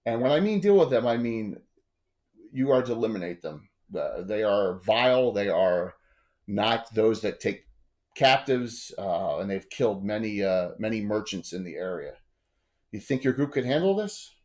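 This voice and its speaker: A man's voice: fairly low pitch, sing-song, darkish tone. A man voicing a stern guild officer woman. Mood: businesslike. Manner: formal, businesslike, halting with fillers. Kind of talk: tabletop role-play.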